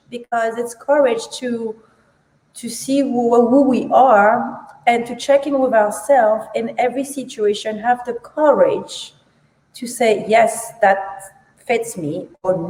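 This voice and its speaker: A woman co-hosting a casual talk, her voice slightly high. She thinks out loud, circling back to repeat her main phrases. Her voice rings out in a reverberant, roomy space. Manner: reflective, repeats phrases for emphasis. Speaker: co-host. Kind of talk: casual chat. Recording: echoey room, long reverb.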